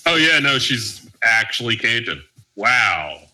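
A man co-hosting a casual comedy podcast, profane and sarcastic, with loud animated outbursts. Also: medium pitch, slow pace, rough recording. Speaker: podcast co-host.

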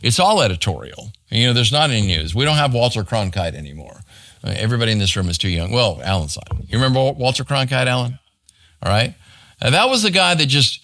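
A man's voice: medium pitch, sing-song, fast, fairly bright tone. A man, a pastor, teaching a Bible study to a small group in a church room in a conversational way, often checking in with "right?".

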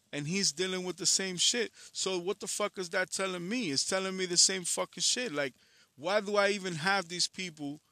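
A man's voice: on the high side, pushed and bright, no room sound. A man who is a musician, giving a blunt, profane, candid personal monologue, frustrated and reflective.

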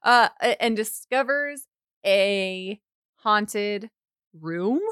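A woman co-hosting a movie podcast, laughing often and talking in a playful, animated way into a studio mic. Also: mid-range voice, drawn-out words, clean tone, dry recording. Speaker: podcast co-host. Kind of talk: casual movie recap chat. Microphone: pop filter studio mic.

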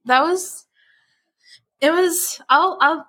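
A woman's voice: very high voice, drawn-out words, bright, forceful tone. A young woman co-hosting a podcast in casual chat, playful and giggly, often restarting her sentences. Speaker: podcast co-host.

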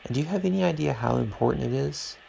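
A man's voice: mid-range voice, fast, creaky, warm tone, slight background noise, poor audio. A man hosting a podcast alone at home, talking in an earnest, preachy and rambling way. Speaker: podcast host. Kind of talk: casual podcast monologue.

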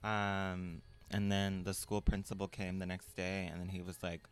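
Deep-voiced young man telling a story. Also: moderate pace, hardly any pauses, clean tone. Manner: relaxed storytelling, mimics voices in quotes. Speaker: podcast guest. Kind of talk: casual chat.

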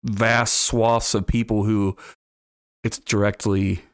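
A man co-hosting a podcast in casual chat, earnest and halting. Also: lowish voice, flat delivery, clean tone, no echo, clean studio sound. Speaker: podcast co-host.

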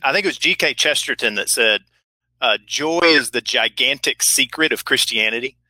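A man's voice: mid-range voice, moderate pace, pushed and bright, dry recording, poor audio. A man sharing reflective stories about faith in a casual discussion. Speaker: camp worker.

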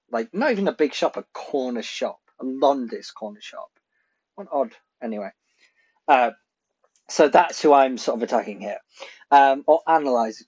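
A man hosting a marketing show, telling a story casually with lots of fillers and frequent laughter. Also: medium pitch. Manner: chatty, laughs often, many fillers. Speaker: marketing podcast host. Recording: slightly dull lo-fi audio.

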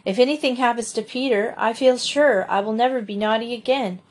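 A prim, proper young farm girl who scolds and reproaches, her voice lifted a little higher, as a woman reads her. She talks in a tidy, correct way that suits an old storybook. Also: a little fast, lightly acted. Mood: reproachful.

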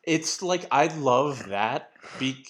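A man in a casual podcast chat, his voice sitting at an ordinary middle pitch. He rambles through stories, packs his talk with fillers and restarts, and swears offhandedly. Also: animated, slow, crowd noise.

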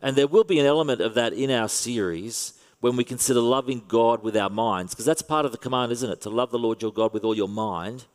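A man with an Australian accent preaching a sermon in a relaxed, conversational way with wry humour. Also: medium pitch, fairly quick, few pauses, long reverb tail. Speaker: pastor.

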